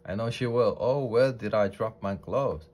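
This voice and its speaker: A fussy, panicky storybook rabbit in a hurry, as a man reads him a little louder than his usual voice. He sounds flustered and rushed, with a low voice underneath. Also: natural voice.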